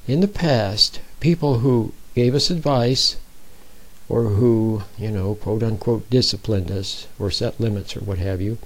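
Husky guy doing a chatty bible talk, kinda rough breathy voice. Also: lowish voice, unhurried, rough recording. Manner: informal, checks in with listeners with repeated "see?". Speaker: speaker giving a Bible talk. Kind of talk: conversational sermon.

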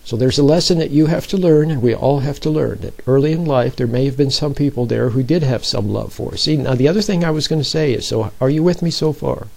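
A man's voice: mid-range voice, fast, gravelly, few pauses, mellow, low-quality recording. A man giving an informal, conversational sermon, often checking in with his listeners. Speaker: speaker giving a Bible talk.

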